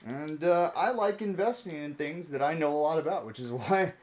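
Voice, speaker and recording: A man's voice: a little high, expressive, normal speed, a little mellow. A young man streaming a card-pack opening, chatting casually with many fillers and chuckles.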